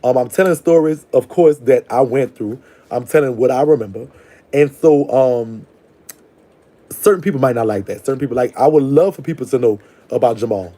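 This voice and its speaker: A man talks quickly in a mellow, dark tone. He rambles bluntly through stories and calls his callers "baby.". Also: medium pitch. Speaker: call-in show host. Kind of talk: casual live call-in chat.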